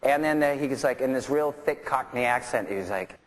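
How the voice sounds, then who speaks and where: As a guest in an onstage interview, a rock musician tells stories in a casual, rambling way, full of fillers, restarts and running laughter. His voice is mid-range and fairly quick, with heavy background noise.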